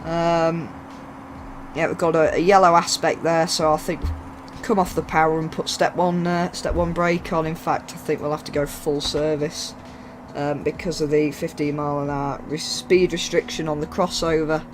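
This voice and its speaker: A man's voice: on the high side, flat delivery, normal speed, background noise. A man giving casual, jokey, rambling commentary while playing a train simulator, with faint game sounds behind him. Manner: rambling, jokey, self-mocking. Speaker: gaming YouTuber.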